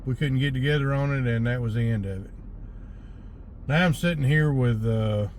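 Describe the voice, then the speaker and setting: A man's voice: medium pitch, moderate pace, a little mellow, a little hiss or hum. A man, a hotshot truck driver talking casually to camera from his truck by the roadside, in a laid-back drawl that thinks aloud with plenty of fillers.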